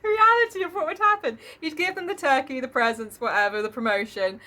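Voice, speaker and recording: A woman's voice: high-pitched, fairly quick, bright, forceful tone. A young woman co-hosting a podcast, joking around and playfully acting out imagined dialogue. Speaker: podcast co-host. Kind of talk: casual chat.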